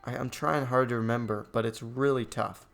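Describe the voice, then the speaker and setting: A young man giving a ranting movie review, exasperated and sarcastic, his voice going a bit hoarse. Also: mid-range voice, fairly even intonation, normal speed, a bit bright. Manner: exasperated, sarcastic, voice spikes when annoyed. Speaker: gaming channel host reviewing a movie.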